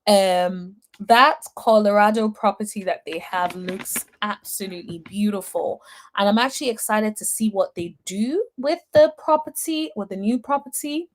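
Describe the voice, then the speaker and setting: A woman's voice: mid-range voice, normal speed. A young adult woman hosting a casual reality TV recap, chatty and sassy, answering viewers' comments with lots of fillers. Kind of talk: casual chat reading live comments.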